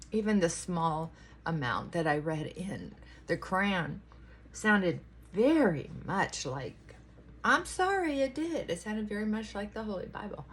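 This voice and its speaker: A woman's voice: fairly low pitch, lively intonation, a little slow, a little hiss or hum. A middle-aged woman chatting casually to her viewers in her bedroom, rambling with asides to her dog. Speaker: vlogger. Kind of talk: casual morning chat.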